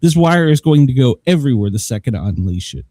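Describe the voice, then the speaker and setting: A man's voice: medium pitch, big pitch swings, fast, dark tone, no echo. A man hosting a live show, telling a long rambling story with plenty of laughs and swearing, acting out both sides of each conversation. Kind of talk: casual storytelling.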